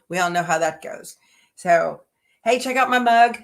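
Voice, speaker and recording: A middle-aged woman, chatting casually as host of a livestream and talking to viewers in a homey, rambling way. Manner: chatty and homey, talks to her dogs in a high baby voice.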